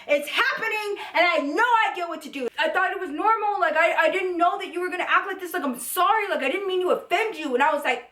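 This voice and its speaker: A young woman with a high, bright voice tells a story for her vlog channel, casual and animated. She swears freely and gets louder and higher when she is outraged. Her voice rings in an echoey room. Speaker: beauty vlogger telling a story.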